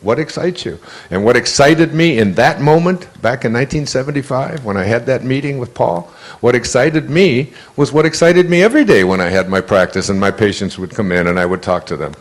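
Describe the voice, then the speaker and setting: A man giving a motivational talk in a conversational, animated way. He tells personal stories, acts out the voices he quotes, and often restarts his sentences. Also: mid-range voice, brisk. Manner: frequent restarts and stammered repeats. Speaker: inspirational speaker.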